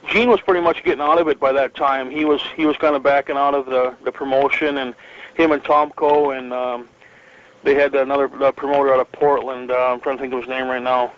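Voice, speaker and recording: A man's voice: mid-range voice, muffled recording. A middle-aged man from northern Michigan, a retired wrestler telling stories as an interview guest, rambling with many fillers and restarts and chuckling often. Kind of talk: relaxed storytelling interview.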